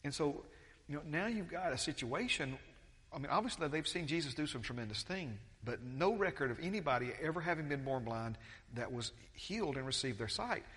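A man's voice: on the high side, animated, fairly quick, a bit bright, long reverb tail. A man preaching a conversational sermon as pastor, with many restarts and acted-out quotes.

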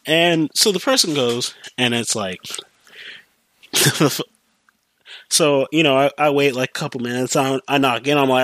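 A man's voice: medium pitch, unhurried, pauses often, fairly bright tone, no echo. A young man hosting a podcast, telling a story casually with lots of fillers, restarts and swearing. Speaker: podcast host.

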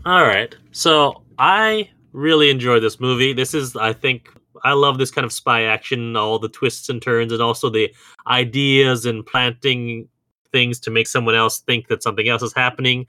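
An upbeat man co-hosts a podcast in casual film chat and laughs easily. His tone is bright. The recording is dry and close. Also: medium pitch, normal speed, clean tone, dry recording. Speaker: podcast co-host.

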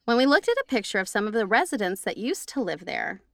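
A woman's voice: mid-range voice, big pitch swings, fast talker, vocal fry, no echo, studio quality. A woman co-hosting a podcast who reads listener stories aloud and laughs easily in chat. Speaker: podcast co-host.

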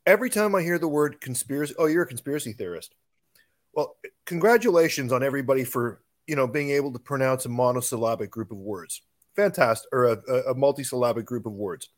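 A man's voice: mid-range voice, fast talker. A married man co-hosting a podcast, talking in an emphatic, sarcastic way in casual chat. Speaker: podcast co-host.

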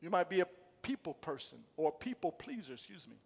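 High-voiced preaching pastor in a reverberant hall. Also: male voice, very animated, quick pace, creaky, slightly rough. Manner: call-and-response preaching, rising to emphatic bursts. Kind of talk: sermon. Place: church sanctuary.

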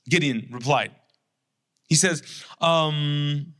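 A pastor delivers a sermon in a casual, storytelling way, acting out quotes with sarcasm and energy. His voice sits a little high for a man and sounds bright and forceful. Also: normal speed. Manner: conversational, animated storytelling with sarcastic acted quotes.

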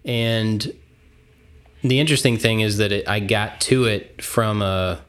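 A man's voice: lowish voice, a little slow, clean tone. A man chatting casually on a podcast, easygoing and thinking aloud as he talks. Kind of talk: casual chat.

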